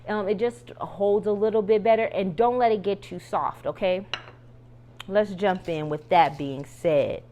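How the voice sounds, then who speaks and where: A woman's voice: medium pitch, measured pace, mellow, slight background noise. A woman hosting her own cooking vlog, chatting to viewers as she fries and tastes food. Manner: chatty, talks to viewers while frying and tasting. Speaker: cooking show host.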